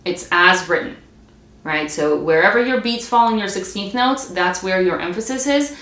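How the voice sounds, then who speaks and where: A woman's voice: medium pitch, animated, normal speed, fairly bright tone. A woman teaching a string practice technique, explaining step by step in a patient, demonstrating manner. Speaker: music teacher. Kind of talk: instrumental practice lesson. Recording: echoey room with string playing. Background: bowed string instrument between lines.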